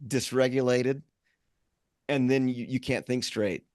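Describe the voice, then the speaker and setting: Male podcast co-host, casual rambler, medium pitch, dry close-miked read. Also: steady tone, a little slow, no echo. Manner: rambling, many restarts. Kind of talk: casual chat.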